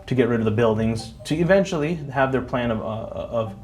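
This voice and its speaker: A man's voice: medium pitch, expressive, darkish tone, faint music behind. A man being interviewed who hesitates and then builds a list of accusations. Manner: hesitant, halting start.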